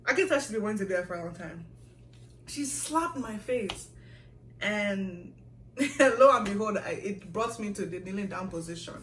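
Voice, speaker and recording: A young woman from the US chats through a vlog Q&A, animated and laughing as she acts out voices. Her tone is bright and sharp. The echoey room and the distance from the mic come through, with faint noise behind. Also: medium pitch, fairly quick. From United States. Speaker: vlogger. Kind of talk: casual storytelling Q&A.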